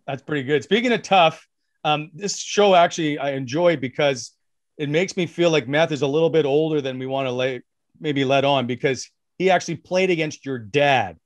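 Male podcast co-host, somewhat high voice, dry recording, relaxed and giggly interviewer. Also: normal speed, dry recording. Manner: curious, chuckling, with many "uh"s. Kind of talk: casual interview chat.

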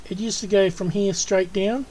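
A woman's voice: mid-range voice, steady tone, moderate pace, warm tone, slight background noise, poor audio. An Australian woman hosting a gaming channel, chatting casually through her gameplay and coaxing the animals she tames in a cooing, friendly way.

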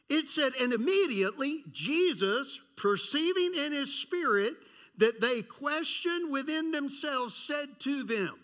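A man preaching a sermon as pastor, animated, acting out voices and asking the congregation questions. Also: very high-pitched.

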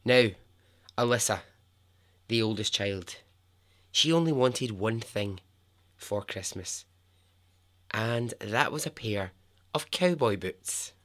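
Unhurried Scottish man telling stories. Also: lowish voice, expressive, fairly bright tone. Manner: playful, chatty, laughs often. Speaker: podcast host. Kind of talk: casual storytelling.

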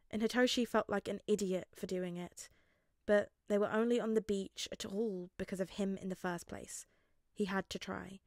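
Woman narrator for a fanfic audiobook, steady mid voice, gentle pacing, dry close recording. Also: mid-range voice, no echo. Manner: gentle, measured reading. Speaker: podfic reader.

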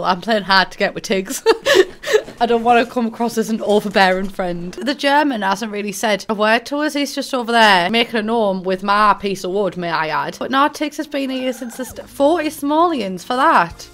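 A woman's voice: mid-range voice, a bit bright. A young woman with a Middlesbrough accent chatting casually and swearing as she plays a game, often giggling and mocking herself. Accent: Middlesbrough English. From England. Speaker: gaming YouTuber. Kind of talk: casual gameplay commentary.

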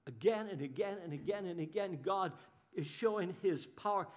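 High-voiced, animated preaching man. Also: moderate pace. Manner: animated preaching, voices the crowd in quotes, repeats words. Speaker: pastor. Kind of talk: sermon.

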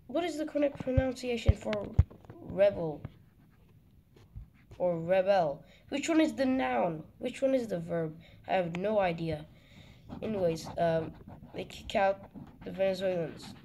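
A man from Turkey casually narrating a map animation with a joking, rambling manner, often correcting himself. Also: high voice. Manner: rambling, jokey, self-correcting. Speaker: mapping video narrator. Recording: noisy home recording with clicks.

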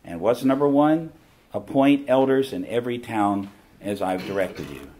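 A man's voice: medium pitch, animated, moderate pace, mellow. A middle-aged man with a Southern American accent, giving an emphatic preaching talk and repeating his key phrases. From southern United States. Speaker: conference speaker.

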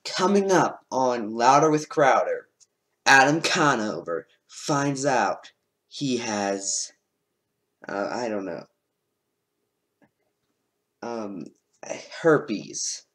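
A man's voice: medium pitch, sing-song, drawn-out words, pauses often, fairly bright tone. A man giving casual, sarcastic commentary while reacting to video clips, with lots of filler words.

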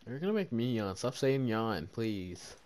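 A young man streaming a video game, chatting casually with a friend, joking and swearing and getting easily excited. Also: medium pitch, unhurried. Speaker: gaming streamer. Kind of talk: casual gameplay chat.

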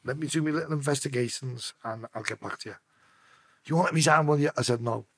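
A man's voice: fast talker, breathy edge, no room sound. A man with a Liverpool accent telling stories as a podcast guest, swearing freely and acting out the voices of the people in them. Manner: profane, acts out quoted voices with sharp pitch swings. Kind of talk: casual storytelling interview.

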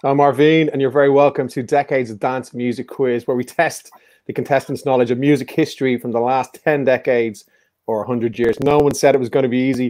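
A man's voice: medium pitch, a little mellow, no echo. Jokey male quiz host, dry sound. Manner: joking, teasing, playful banter. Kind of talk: casual quiz hosting over live stream.

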